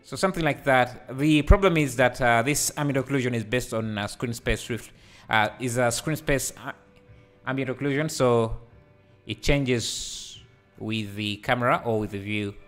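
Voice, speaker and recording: A man hosting a live software tutorial, hesitant and full of fillers, laughing easily as he reads the chat. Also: mid-range voice, moderate pace, soft background music. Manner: hesitant, many fillers and restarts. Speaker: livestreaming 3D tutor. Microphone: headset.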